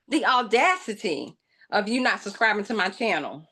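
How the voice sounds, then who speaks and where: Animated chatty woman vlogger. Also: mid-range voice, normal speed. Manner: chatty and playful, teasing and dramatic; colloquial, addresses viewers as y'all. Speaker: craft channel host. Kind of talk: casual vlog talk.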